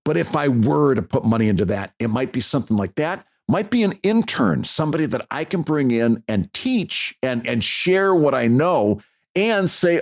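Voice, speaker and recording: A man's voice: mid-range voice, big pitch swings, moderate pace, creaky. A man co-hosting a podcast in casual chat, blunt and emphatic, restarting his sentences often. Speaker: podcast co-host.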